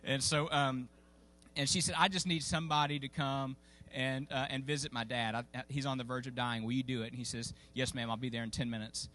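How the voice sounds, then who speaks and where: A man's voice: mid-range voice, little pitch movement, a little fast, sharp tone. A man preaching a sermon, telling a story in a folksy, conversational way with many fillers and restarts. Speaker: pastor. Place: church sanctuary.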